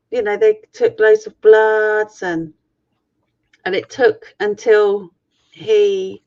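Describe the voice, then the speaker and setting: A middle-aged woman on a video call, frankly and swearily retelling an ordeal in a personal story. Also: medium pitch. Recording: muffled lo-fi stream audio.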